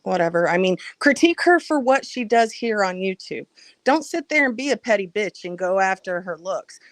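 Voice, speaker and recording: A blunt, outspoken woman hosting a casual live chat, speaking her mind with the odd curse word. Her voice sits at a middling pitch and sounds close and dry, with no room around it. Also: animated, moderate pace, dry recording. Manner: blunt, outspoken, swears freely.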